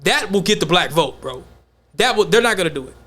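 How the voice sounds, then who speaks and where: A man hosting a podcast, talking in a loose, slangy, animated way in casual chat. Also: sits high, fairly quick. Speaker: podcast host.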